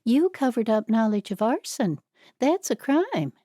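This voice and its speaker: A woman's voice: fairly high pitch, big pitch swings, unhurried, dark tone, no echo, clean studio sound, voice pushed up. A woman voicing an elderly Amish woman sleuth who is nervous but bold, with urgent, rising questions. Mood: pressing. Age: older.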